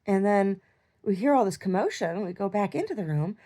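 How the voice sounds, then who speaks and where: A woman's voice: medium pitch, expressive, a little fast, dark tone. A woman in chronic pain, telling a rambling video-diary story with lots of fillers and restarts. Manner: acts out quoted lines in a raised voice. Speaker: video diarist. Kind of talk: casual video diary, recounting a dream.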